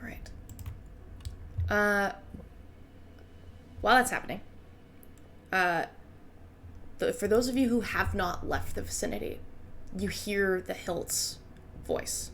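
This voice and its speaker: Woman GM, casual, mid-pitched, light background noise. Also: slow, long pauses, a bit bright. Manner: casual, laughs often, explains patiently. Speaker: game master. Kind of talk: running a tabletop game.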